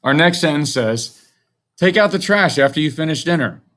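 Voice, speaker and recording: A man's voice: medium pitch, a bit bright. Patient male teacher for young kids. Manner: friendly, patient, speaks to young children. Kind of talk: children's grammar lesson.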